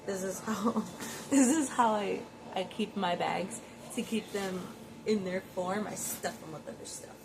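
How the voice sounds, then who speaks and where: A woman's voice: mid-range voice, fairly even intonation, measured pace, gravelly. A woman vlogging from home in casual chat, gushing and rambling with lots of fillers and repeated words. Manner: gushing, admiring. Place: home, near closet. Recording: noisy background.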